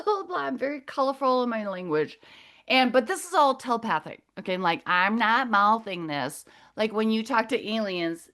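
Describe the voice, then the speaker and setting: A woman's voice: on the high side, bright, forceful tone. Middle-aged woman, casual talk to a group, colorful and rambling with frequent laughs. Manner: chatty, laughing, colorful and digressive. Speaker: guest speaker.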